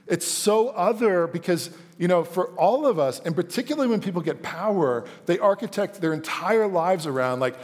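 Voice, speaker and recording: A male pastor with a fairly high voice preaches live, sliding between casual storytelling and acted-out asides. His words carry a long reverb from the church hall. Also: expressive, fairly quick, hardly any pauses, a little mellow. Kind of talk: live sermon.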